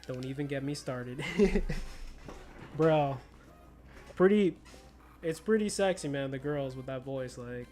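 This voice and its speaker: A man's voice: medium pitch, animated, slow, long pauses, warm tone. Young American male streamer, slight Spanish-influenced accent, easygoing slang-heavy chatter, faint background music. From United States. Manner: laid-back, slangy, laughs often. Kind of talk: casual chat while gaming.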